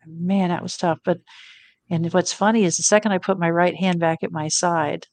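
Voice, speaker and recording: A woman's voice: fairly low pitch, fairly even intonation, normal speed, a little mellow. A middle-aged woman telling a personal story as an interview guest, earnest and reflective. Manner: earnest, reflective, quotes her own thoughts.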